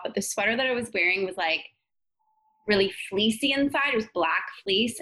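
A woman's voice: medium pitch, fairly bright tone, low-quality recording. A young woman who teaches yoga, co-hosting a podcast and telling a story in a casual, sheepish way. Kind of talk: casual chat.

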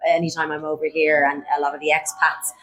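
A woman's voice: low-pitched, level tone, fast, a bit bright, low-quality recording. A woman, a musician guest speaking earnestly and gratefully in casual interview chat.

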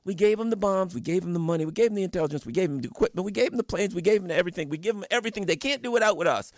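A man's voice: sits high, lively intonation, rapid-fire, no echo, clean studio sound. A middle-aged man giving fiery, angry political commentary, full of rhetorical questions and mocking quoted voices. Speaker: radio guest commentator.

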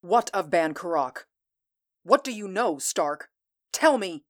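A woman voicing a proud, ambitious warrior queen in a commanding, deliberate reading. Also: lowish voice, lively intonation. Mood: proud, defiant. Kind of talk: audiobook dialogue reading.

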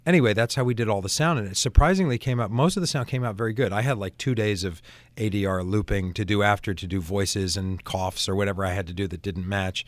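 A man, an actor and interview guest, telling a lively story in casual talk with many restarts. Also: on the low side, quick pace, dry recording.

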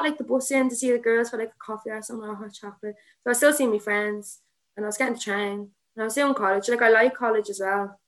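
A woman's voice: on the high side, a bit bright. A woman in her twenties with an Irish accent, chatting in a rambling way and filling her talk with "like", as a podcast guest. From Ireland. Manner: chatty and rambling, heavy use of "like", frequent laughter. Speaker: guest, MMA fighter and student teacher. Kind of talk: casual podcast chat.

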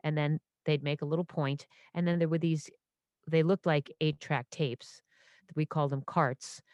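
Low-voiced woman telling stage stories. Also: normal speed, no room sound, lo-fi sound. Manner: animated, self-interrupting, full of restarts and asides. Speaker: stage performer and impressionist. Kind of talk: casual interview storytelling.

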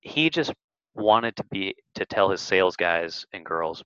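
A man, a marketing agency head, talking as an interview guest, telling lively stories and acting out quotes. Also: low voice, unhurried, clear, resonant tone, no echo, highs cut off. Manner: animated storyteller, acts out quotes. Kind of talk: casual interview talk.

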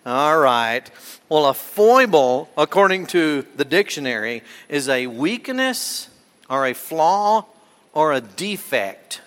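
Playful pastor, echoing church hall. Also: male voice, on the high side, big pitch swings, slow, fairly bright tone. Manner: playful, coaxing, full of questions to children. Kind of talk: children's sermon. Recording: long echo of a large hall.

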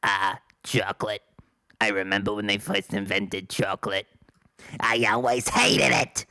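A man's voice: on the low side, little pitch movement, unhurried, bright, forceful tone, no echo, clean studio sound. A man putting on the voice of a cranky, hard-of-hearing old woman. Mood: crotchety.

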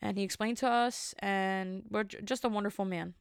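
A woman's voice: mid-range voice, steady tone, normal speed, gravelly, clean tone, no room sound, studio quality. A woman telling a rambling comic story, sassy and self-mocking, with many asides and restarts.

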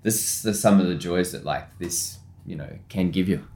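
A man's voice: sits low, moderate pace, mellow. A man, a chef in his thirties, telling stories in a casual interview, rambling with lots of fillers and laughing often. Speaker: chef, podcast guest.

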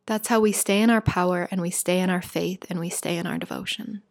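A woman giving a heartfelt spiritual talk, earnest and emphatic, shaken but steady. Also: fairly low pitch, brisk. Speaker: spiritual speaker.

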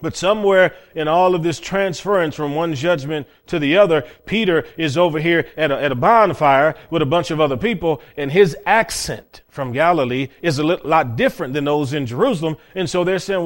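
A man preaching a folksy, plain-spoken sermon with storytelling, swinging between loud and hushed passages. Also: on the high side, a little fast, few pauses.

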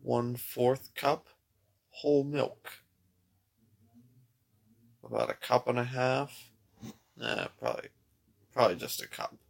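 A man's voice: medium pitch, vocal fry, breathy edge. A man in casual chat, teasing and joking, who keeps yawning and sounds tired. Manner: joking, teasing, laughs often.

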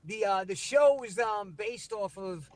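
A man's voice: high-pitched, measured pace. A middle-aged man telling a rambling, profane story as a podcast guest, laughing as he goes. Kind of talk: casual storytelling.

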